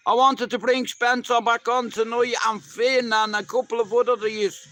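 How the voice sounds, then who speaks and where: A man's voice: very high voice, level tone, moderate pace, pushed and bright. A middle-aged Irish man chatting casually to live viewers, swearing freely as he rambles through stories. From Ireland. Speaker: livestream host.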